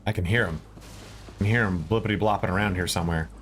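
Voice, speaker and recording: A man's voice: low voice, quick pace, fairly bright tone, a little hiss or hum. A man streaming a video game, chatting casually with viewers in a rambling way, swearing and exclaiming at what happens on screen. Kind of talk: casual live-stream chat while gaming.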